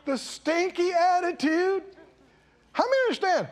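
A man's voice: extremely high pitch, very animated, slow. A man preaching a sermon, firing questions at the congregation and driving points home with emphatic repetition. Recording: long echo of a large hall.

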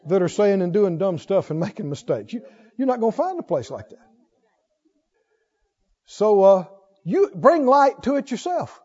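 Male preacher, emphatic sermon, very high voice, lively swings in pitch. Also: moderate pace, pauses often, in a large hall, highs cut off. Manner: emphatic, swings between loud declarations and quiet reasoning.

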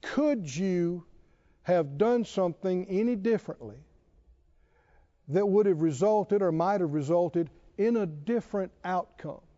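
Male preacher, high lively voice that climbs and dips, muffled lo-fi sermon recording, fires rhetorical questions at the room. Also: a little slow. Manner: asks the congregation pointed rhetorical questions.

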